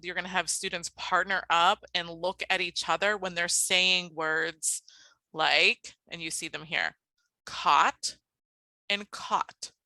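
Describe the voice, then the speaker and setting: A woman presenting and modeling a phonics lesson for a teacher conference, explaining steps in a clear, steady way. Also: lowish voice, dry recording, rough recording.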